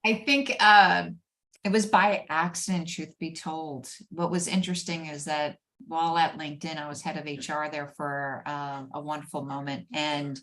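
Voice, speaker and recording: A woman guest on a video-call interview, telling her own stories in a lively, animated way with some laughter. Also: low voice. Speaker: guest, former head of HR. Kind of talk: conversational storytelling interview.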